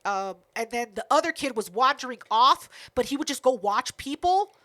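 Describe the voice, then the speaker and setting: A woman's voice: sits high, lively intonation, normal speed, pushed and bright. A woman co-hosting a podcast, telling a family story in casual, profane chat. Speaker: podcast co-host.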